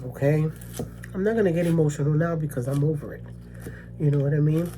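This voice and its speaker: A woman's voice: sits low, fast talker, mellow, slight background noise. A woman from the Bronx, telling a personal story to camera in casual vlog talk, emphatic and repetitive, checking in with "okay?" and "you know what I mean?". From the Bronx, New York. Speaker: mukbang vlogger.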